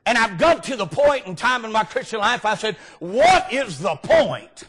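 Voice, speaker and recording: High-pitched shouting preacher. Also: male voice, sing-song, normal speed, husky. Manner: folksy, often bursts into shouting. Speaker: guest preacher. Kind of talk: revival sermon. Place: church sanctuary.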